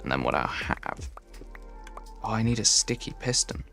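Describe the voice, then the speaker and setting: This young adult streamer from the English Midlands has a Midlands accent and a lowish voice that sounds pushed and bright. He's very animated at normal speed, chatting casually on a game livestream and answering chat as he builds, with faint music behind him.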